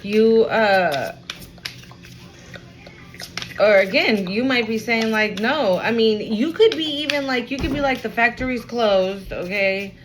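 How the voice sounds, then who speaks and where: A woman's voice: fairly high pitch, slow, long pauses, slight background noise, low-quality recording. A woman giving a casual tarot reading at home, talking in a chatty, slangy way full of fillers. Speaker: tarot reader.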